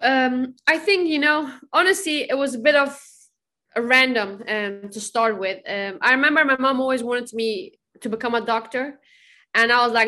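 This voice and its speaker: A young woman with a slightly high voice talks at a normal speed as a podcast interview guest. Her storytelling is animated and bubbly, and she laughs a lot in the casual conversation.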